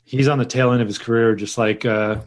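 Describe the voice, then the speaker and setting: A man's voice: mid-range voice, steady tone, moderate pace. A man co-hosting a casual podcast chat, talking hesitantly with many restarts and fillers. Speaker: podcast co-host.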